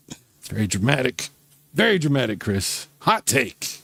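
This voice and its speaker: A man's voice: mid-range voice, big pitch swings, unhurried, creaky, fairly bright tone, no echo. A man hosting a casual live gaming stream, chatting and reacting to viewer comments while he plays. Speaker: livestream host.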